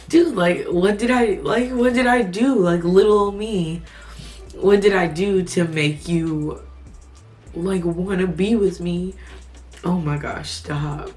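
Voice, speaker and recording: A woman's voice: fairly low pitch, steady tone, slow pace, a little mellow, soft background music. A woman in her twenties telling a personal story to camera, chatty and gushing. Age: 20s. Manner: chatty and gushing, with many fillers like "like" and "you know". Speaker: vlogger.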